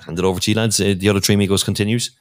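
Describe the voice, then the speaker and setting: A man's voice: on the low side, level tone, rapid-fire, slight background noise. An Irish man signing off as a podcast host, rambling and sentimental in casual chat over a remote call.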